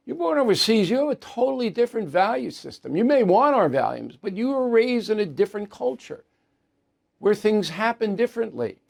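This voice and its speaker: Gravelly blunt New commentary host. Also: male voice, fairly high pitch, darkish tone. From New York area. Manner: blunt, opinionated, emphatic. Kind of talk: opinion commentary monologue.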